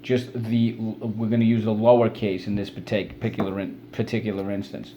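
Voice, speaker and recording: Low mellow man teaching a spelling lesson. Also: flat delivery, a little fast, lo-fi sound, a little hiss or hum. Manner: upbeat, coaxing, call-and-response drilling.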